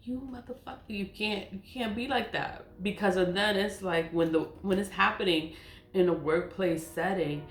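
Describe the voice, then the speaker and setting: A woman in her forties in a casual spoken monologue, emphatic and animated, laughing often and swearing. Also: medium pitch, normal speed, roomy sound. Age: 40s. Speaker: spiritual content creator.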